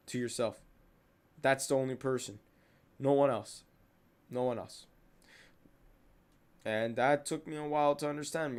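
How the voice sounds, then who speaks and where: Young man venting in a smooth voice. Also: medium pitch, a little mellow. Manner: heated, venting, repeats himself. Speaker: podcast host. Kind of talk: casual monologue.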